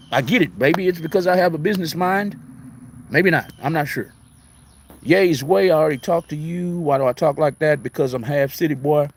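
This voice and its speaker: Slight background noise sits under a middle-aged man's fairly high voice. Hosting a casual live talk, he answers viewer comments in an emphatic, repetitive, preachy style, his speech a mix of city and country.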